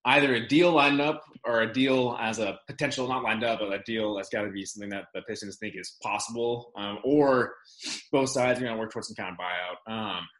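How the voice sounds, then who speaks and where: A man's voice: on the low side, brisk, a bit bright, poor audio. A man co-hosting a casual sports podcast, rambling and restarting his sentences. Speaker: podcast co-host.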